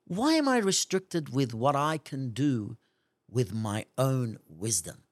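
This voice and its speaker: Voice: medium pitch, big pitch swings, slow pace, no room sound, clean studio sound. A preacher giving a fervent sermon, often speaking in the first person as God and pressing pointed questions. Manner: fervent, speaks at length in God's voice.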